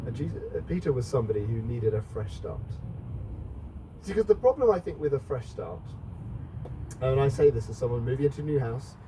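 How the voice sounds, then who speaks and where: A man's voice: medium pitch, expressive, brisk. Middle-aged male preacher, chatty conversational sermon, mic at a distance, faint noise. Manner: chatty, asks the congregation questions. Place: church.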